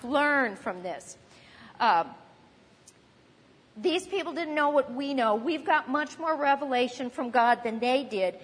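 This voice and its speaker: A woman with a high, husky voice preaches a sermon in a relaxed teaching tone, with some acted-out panicked voices. Her words ring with a long hall reverb. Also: measured pace. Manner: conversational teaching, acts out panicked crowd voices.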